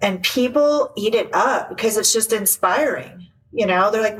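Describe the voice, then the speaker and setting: A woman life coach chatting in an interview, animated and acting out little quoted voices. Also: medium pitch, normal speed, few pauses, recorded from a distance, rough recording. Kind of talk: casual interview chat.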